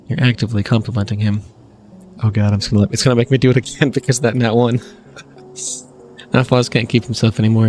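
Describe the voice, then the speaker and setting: A man's voice: on the low side, a little mellow, slight background noise. A man hosting a game channel, reading game text aloud as he plays, often laughing and making wry asides. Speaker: gaming channel host. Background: faint game music.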